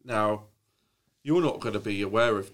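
A man's voice: fairly low pitch, moderate pace, fairly bright tone. A man chatting on a podcast, rambling through a story with lots of restarts and swearing. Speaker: podcast co-host. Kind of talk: casual chat.

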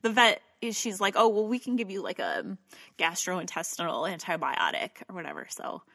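A woman's voice: lowish voice, lively intonation, moderate pace, sharp tone, dry recording, studio quality. A woman in casual conversation, telling a long anecdote in a chatty way with some swearing. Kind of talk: casual chat.

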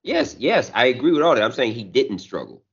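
A man's voice: medium pitch, very animated, brisk, slightly rough. A man co-hosting a podcast, chatting loosely with crude jokes and banter. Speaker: podcast co-host. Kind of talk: casual chat. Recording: dull lo-fi sound.

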